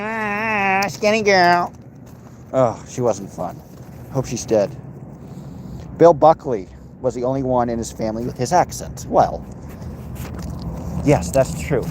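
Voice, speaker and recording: A man's voice: medium pitch, mellow, a little hiss or hum. An American man hosting a livestream, reading and answering chat in a crude, sarcastic, rambling way. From United States.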